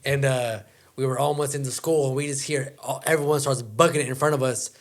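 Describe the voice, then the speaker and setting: A man hosting a podcast, chatting casually and with excitable energy. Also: medium pitch, fairly quick. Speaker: podcast host. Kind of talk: casual chat.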